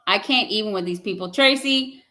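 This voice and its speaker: A woman's voice: medium pitch, moderate pace, bright, forceful tone. A young woman, hosting a casual live chat and teasing her viewers with lots of laughter. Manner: playful, teasing, laughs often. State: pregnant. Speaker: livestream host reading chat.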